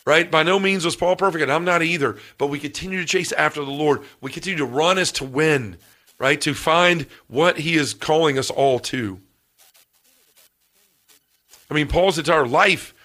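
Male preacher-podcaster, higher pitch, bright tone, fervent and repetitive. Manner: fervent, repeats phrases, quotes scripture. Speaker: podcast host. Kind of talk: preaching talk.

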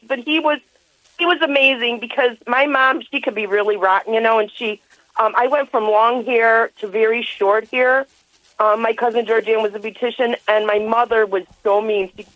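A woman's voice: fairly high pitch, no echo. Effusive older woman on a muffled phone line. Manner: effusive, rambling, laughing. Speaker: caller. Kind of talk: phone-in call.

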